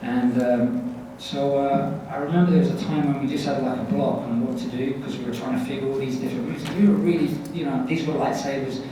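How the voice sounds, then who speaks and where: A man's voice: mid-range voice, brisk, few pauses. Man with London accent, echoey convention hall. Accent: London English with Scottish traces. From Scotland. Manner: animated, self-mocking, restarts often. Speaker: convention panel guest. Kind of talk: casual Q&A storytelling. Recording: echoey hall, distant mic, noisy.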